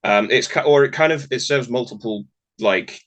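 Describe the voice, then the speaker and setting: A man's voice: mid-range voice, moderate pace. A man co-hosting a podcast, rambling in a friendly way and laughing often. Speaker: podcast co-host. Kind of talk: casual podcast discussion.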